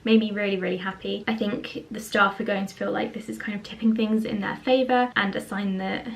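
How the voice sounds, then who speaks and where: A woman's voice: mid-range voice, fairly even intonation, a little fast, creaky, low-quality recording. A young woman chatting casually in a reading vlog, often doubling her words for emphasis. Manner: chatty, says "really" twice for emphasis. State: unwell, a bit out of breath. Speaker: book vlogger.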